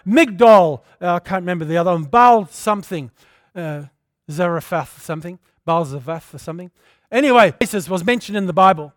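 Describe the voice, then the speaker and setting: High-voiced preacher, impassioned. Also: male voice, animated, brisk, few pauses, no room sound, studio quality. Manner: impassioned preaching, swinging between loud declarations and hushed storytelling. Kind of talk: sermon.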